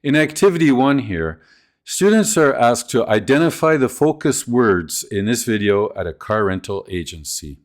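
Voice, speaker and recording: A man narrating a scripted video on teaching pronunciation, speaking in a clear, deliberate, instructional way. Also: medium pitch, sing-song. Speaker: ESL teacher trainer.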